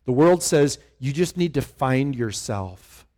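Animated man preaching a casual sermon. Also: medium pitch, slow. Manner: animated, conversational, asks the congregation questions. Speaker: pastor.

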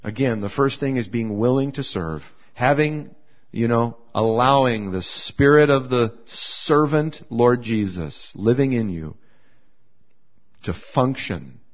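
A man's voice: mid-range voice, slow. A man preaching a sermon as a pastor, talking in a conversational way, repeating his phrases and acting out the people he quotes. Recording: slightly dull lo-fi sound.

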